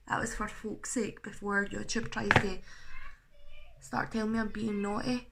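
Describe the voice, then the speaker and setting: A young woman talks through a makeup look in a casual, chatty way. Her voice is bright and sits a little high. She teases herself and lets the odd curse slip. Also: fairly even intonation, normal speed, vocal fry, slight background noise. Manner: chatty, self-mocking, swears, laughs at herself. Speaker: makeup vlogger. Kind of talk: casual makeup tutorial chat.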